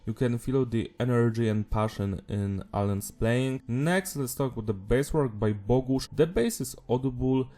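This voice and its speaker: A man's voice: medium pitch, normal speed, hardly any pauses, dark tone. A man reviewing a metal album in a casual, enthusiastic way, gushing with praise. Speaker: music reviewer.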